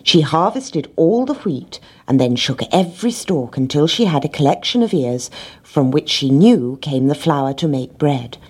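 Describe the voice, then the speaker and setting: Low husky woman reading a storybook. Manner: gentle reading with lively character voices.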